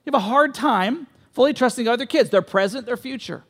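A very high-pitched man preaches in a church sanctuary, his voice ringing with long reverb. He talks animatedly and conversationally, slipping into quoted voices and stumbling over restarts as he goes. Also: lively intonation, fast talker, fairly bright tone. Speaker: pastor. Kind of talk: sermon.

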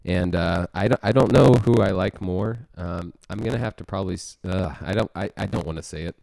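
A man's voice: low-pitched, brisk, creaky, a little mellow, no echo. A man from Texas co-hosting a casual music podcast, rambling and self-mocking with lots of fillers and restarts. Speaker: podcast co-host.

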